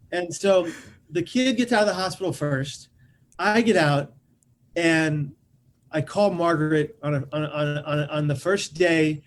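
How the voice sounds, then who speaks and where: A man telling a personal story as a podcast guest, lively, repeating words as he rushes on. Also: a little high.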